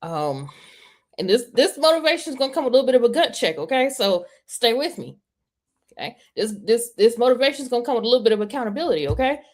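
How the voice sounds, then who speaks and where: A woman's voice: fairly high pitch, big pitch swings, quick pace. A woman guest on a video call giving a motivational talk, emphatic and repeating herself for effect. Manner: emphatic, repeats "okay?" and "stay with me". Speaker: guest speaker.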